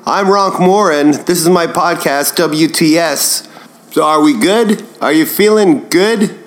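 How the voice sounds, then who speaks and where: A man impersonating an excitable male podcast host who greets his listeners in an eager, upbeat way, as a comedy parody. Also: on the high side, slow pace.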